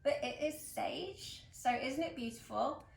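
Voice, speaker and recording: A woman's voice: sits high, a little slow, gravelly. A woman from England, hosting a casual flower-arranging demonstration in a chatty, upbeat way with plenty of fillers. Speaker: florist host. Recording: roomy echo, mic at a distance, faint background music.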